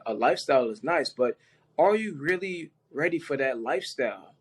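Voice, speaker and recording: Earnest man in a podcast chat. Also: mid-range voice. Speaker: podcast panelist. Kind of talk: casual podcast discussion.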